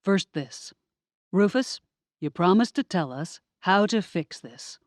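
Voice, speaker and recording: A woman's voice: on the low side, animated, dry recording, studio quality. A woman voicing a firm, decisive man in an audiobook. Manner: firm, quick.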